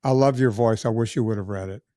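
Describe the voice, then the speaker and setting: A man's voice: lowish voice, fast, dark tone, dry recording, studio quality. Chatty male podcast host. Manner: chatty, rambling plugs. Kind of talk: casual podcast wrap-up.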